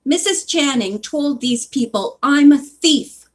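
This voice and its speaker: A woman's voice: high-pitched, animated, slow, pitched above the performer's own voice. A woman voicing a bold young girl detective in a storybook reading, with an urgent, forthright manner. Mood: explaining.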